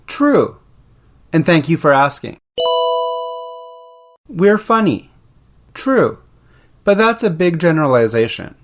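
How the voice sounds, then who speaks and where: A man's voice: on the high side, sing-song, normal speed, pauses often. A man from Canada hosting a podcast, reading a script in a dry, tongue-in-cheek way. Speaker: podcast host. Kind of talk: scripted narration.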